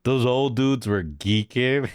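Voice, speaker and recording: A man's voice: medium pitch, slow pace, clean tone, dry recording, clean studio sound. A young man streaming live, chatting casually with a jokey, slangy banter style. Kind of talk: casual stream chat reacting to chat.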